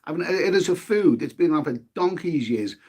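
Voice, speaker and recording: A man's voice: a little high, lively intonation, a little fast, a little mellow. A man chatting casually on a live stream, eating as he talks and reading viewer comments aloud. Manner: chatty, eats while talking, swears mildly, reads viewer names aloud.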